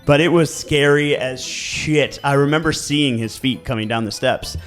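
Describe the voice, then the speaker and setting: With a mid-range voice and moderate pace, a Baltimore-accented man co-hosts a podcast, telling lively, casual stories punctuated by laughs and swearing. He's a real estate agent, and faint music sits behind him.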